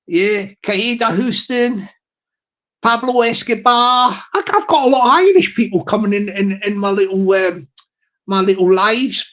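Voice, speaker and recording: A man's voice: sits high, a little slow, a bit bright. Rambling man with a Southwest English accent. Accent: Southwest England. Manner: chatty, rambling, repeats phrases, laughs often. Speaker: livestream host. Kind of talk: casual live-chat shout-outs.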